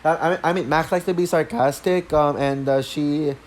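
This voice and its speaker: A man talking through a show review off the cuff, halting with many fillers and restarts, short of breath. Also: a little high, steady tone, a little mellow. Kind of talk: unscripted review talk.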